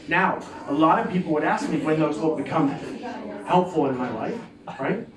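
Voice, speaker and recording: A man performs a stand-up set in a club, his voice sitting a little higher than most. He rambles and restarts, and he is picked up from a distance in a reverberant room with an audience audible behind him. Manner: rambling, loose delivery with many restarts and asides. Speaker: stand-up comedian. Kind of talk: stand-up set at an open-mic comedy night. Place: comedy club stage. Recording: echoey room heard from a distance, with a crowd.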